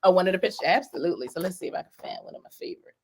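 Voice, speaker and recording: A woman's voice: lowish voice, expressive, very fast, a little mellow. A woman guest on a video call interview, talking casually and rambling with many fillers and frequent laughs. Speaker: guest, author of a coloring book.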